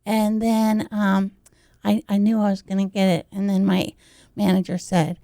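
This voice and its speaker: A woman chatting as a guest on a radio interview, telling stories in an animated way and acting out the people in them. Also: mid-range voice, normal speed, gravelly, no echo. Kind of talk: casual storytelling chat.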